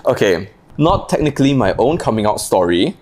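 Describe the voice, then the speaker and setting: Woman, podcast guest, giggly, very animated pitch. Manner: giggly, laughs often, voice leaps up when laughing. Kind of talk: casual podcast chat, reading listener stories.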